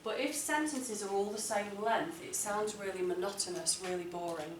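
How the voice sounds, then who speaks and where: A woman leads a classroom writing lesson. She speaks clearly and deliberately and leans on key words when she reads examples aloud. Her voice carries from a distance in an echoey room, with a faint hum of room noise behind it. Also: medium pitch. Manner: clear, deliberate, emphatic reading of model texts. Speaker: English teacher.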